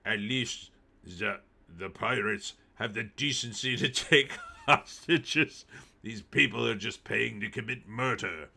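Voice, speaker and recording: A man's voice: fairly low pitch, slow, creaky, pushed and bright, slightly rough, heavily acted. A man putting on a clumsy Russian accent. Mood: indignant. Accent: put-on Russian accent. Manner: clumsy, half-laughing attempt at an accent. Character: gruff middle-aged Russian yachtsman, indignant.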